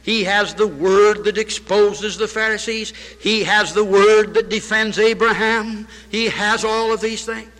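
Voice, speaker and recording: Fervent high-voiced male preacher. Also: fairly even intonation, a little slow, hardly any pauses, a bit bright. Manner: fervent preaching, repeats phrases, quotes scripture in old English. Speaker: pastor. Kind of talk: sermon. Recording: reverberant hall.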